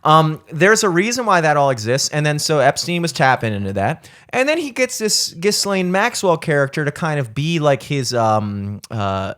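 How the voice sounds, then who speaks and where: A man's voice: a little high, very animated, moderate pace, few pauses, fairly bright tone. Rambling young man swearing casually. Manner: rambling, swears often, lots of "like" fillers. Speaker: podcast host. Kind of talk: casual podcast chat.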